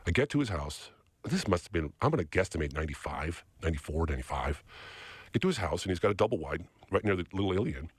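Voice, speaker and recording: Husky, animated man telling a story. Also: low-pitched, quick pace, dry recording. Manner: acts out other people's lines in quotes. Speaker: podcast guest.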